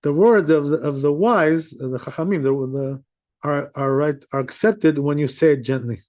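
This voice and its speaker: This man's fairly high, darkish voice moves at a normal speed as he teaches Jewish law in an informal class. As a rabbi he keeps it conversational, sprinkling in "you know" and "right?" and frequently chuckling.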